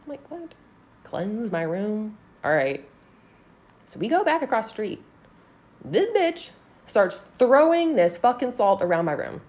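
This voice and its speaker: Animated young woman telling a wild story. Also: fairly high pitch, moderate pace. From Texas. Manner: animated, profane, acts out voices in quotes. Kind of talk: casual storytelling.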